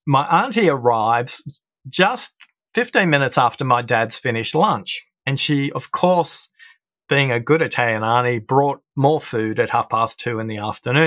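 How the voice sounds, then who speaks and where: A man's voice: mid-range voice, animated, moderate pace, fairly bright tone, no room sound, clean studio sound. Middle-aged man explaining listening. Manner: storytelling, explanatory, acts out quoted voices. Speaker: guest, listening expert. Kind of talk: conversational interview.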